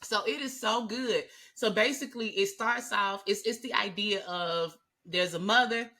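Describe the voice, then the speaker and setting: A woman co-hosting a podcast in casual chat, animated and swearing freely as she rants. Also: medium pitch, moderate pace. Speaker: podcast co-host.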